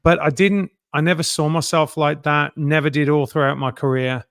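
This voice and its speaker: A man's voice: fairly high pitch, level tone, normal speed, a bit bright, clean tone, no echo, studio quality. A man in his fifties with an English Midlands accent, a guest talking candidly and self-deprecatingly in a casual interview. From England, near Birmingham. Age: 50s. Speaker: guest, actor.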